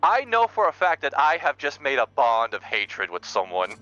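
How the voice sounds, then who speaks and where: A man's voice: mid-range voice, wildly swooping pitch, normal speed, pushed and bright, muffled recording, soft background music. A man playing in a tabletop game, joking and bantering with the game master. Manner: playful, jokey banter. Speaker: player.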